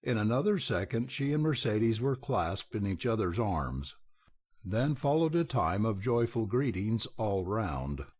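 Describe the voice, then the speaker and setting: Husky, slow male audiobook narrator. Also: fairly low pitch. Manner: measured, expressive reading. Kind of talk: scripted narration.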